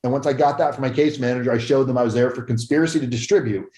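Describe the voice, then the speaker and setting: Young adult man, casual storyteller, profane, acts out voices, mellow tone, roomy echo. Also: mid-range voice, racing. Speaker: podcast guest.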